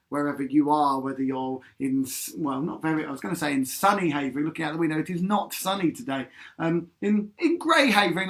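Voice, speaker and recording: A man's voice: high-pitched, fairly bright tone. A man leading a live-streamed sing-along lesson, chatty and encouraging, breaking into song now and then. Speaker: music leader of a sing-along. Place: home in Havering. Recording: guitar music behind the voice. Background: guitar playing.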